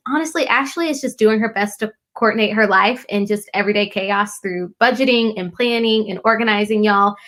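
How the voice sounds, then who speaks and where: Bubbly woman host, bright voice. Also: a little high. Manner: bubbly, keeps saying "y'all". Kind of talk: casual live-stream chat.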